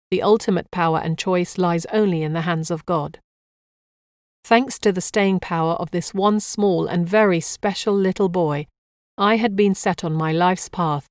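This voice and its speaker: A woman narrating a memoir audiobook in a calm, measured reading voice. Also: fairly low pitch, no room sound, studio quality.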